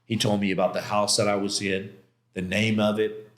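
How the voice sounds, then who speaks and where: A middle-aged podcast guest tells a personal story with intense emotion, casual slang, and lots of quoted exchanges and restarts. His voice is fairly low with a flat delivery at normal speed, and the recording has a roomy echo.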